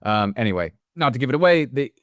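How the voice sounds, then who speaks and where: Male podcast co-host, smooth clear voice, animated and offhand, dry sound. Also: medium pitch, dry recording. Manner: animated, quick asides, swears casually. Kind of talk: casual film discussion.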